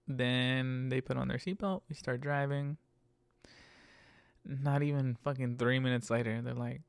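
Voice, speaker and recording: Gravelly man ranting, profane and exasperated. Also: moderate pace, no echo, studio quality. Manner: profane, exasperated, laughs often; animated, jumps into higher pitch when mocking. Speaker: podcast host and rideshare driver. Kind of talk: casual ranting monologue.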